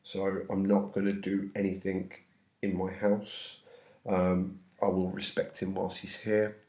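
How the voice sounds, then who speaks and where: A man with a lowish voice, a teacher working through a play scene by scene. He reads a line, then retells it in loose modern slang. His voice carries a slight sickly touch. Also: completely flat delivery, a little slow, warm tone. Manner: reads verse aloud then paraphrases in casual slang. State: slightly ill. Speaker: English teacher.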